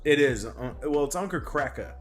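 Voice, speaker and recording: Animated man joking on stream. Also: on the high side, moderate pace, soft background music. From Southern US. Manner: animated, laughing, argumentative storytelling. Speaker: gaming streamer. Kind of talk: casual gaming stream banter.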